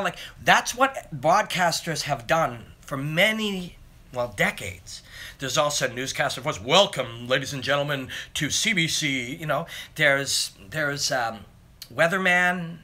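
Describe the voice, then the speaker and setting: Guy rambling on a phone livestream, reads chat and answers, fairly high bright voice. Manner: rambling, answers viewer comments as he reads them. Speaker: MMA analyst hosting a live Q and A. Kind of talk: casual live-stream chat. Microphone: phone camera.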